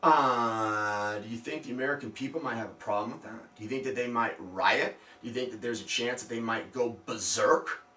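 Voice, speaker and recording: A man's voice: mid-range voice, moderate pace, sharp tone. A man giving casual skeptical commentary to his viewers, firing off rhetorical questions and mocking asides. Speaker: video blogger. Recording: roomy, distant from the mic.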